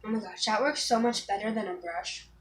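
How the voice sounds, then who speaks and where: A woman's voice: mid-range voice, a little fast. A teenage girl chatting casually through a makeup tutorial, rambling with ums and restarts. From Florida. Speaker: beauty vlogger.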